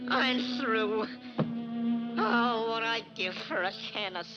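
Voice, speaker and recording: Daffy Duck a brash, high-pitched cartoon duck. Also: male voice, slow, muffled recording, over loud music. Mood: despairing. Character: excitable fast-talking male cartoon duck. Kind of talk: 1940s cartoon voice acting. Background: loud cartoon score.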